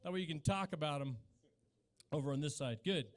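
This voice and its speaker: Brief: forties stand-up comic, high-pitched, chatty and mock-incredulous, works the room on a handheld mic. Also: male voice, a little fast. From Utah. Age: 40s. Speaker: stand-up comedian. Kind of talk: live stand-up comedy. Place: small cafe stage with a live audience.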